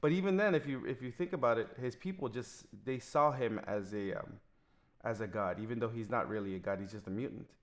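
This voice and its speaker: Guy rambling about a movie on a podcast, lots of restarts, mid-pitched voice. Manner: halting, many restarts and fillers. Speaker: podcast co-host. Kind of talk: casual movie-review chat.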